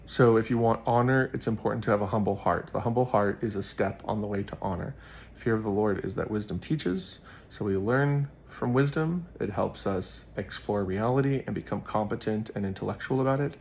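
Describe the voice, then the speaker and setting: A man's voice: fairly low pitch, brisk, gravelly, darkish tone, a little hiss or hum. A man hosting his own show, chatting casually about a Bible verse and rambling as he thinks aloud. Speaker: host. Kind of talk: casual scripture commentary.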